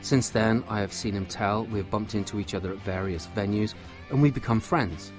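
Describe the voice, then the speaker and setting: A man hosting a podcast interview, eager and halting, with many fillers and restarts. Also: on the low side, music in the background. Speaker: podcast host.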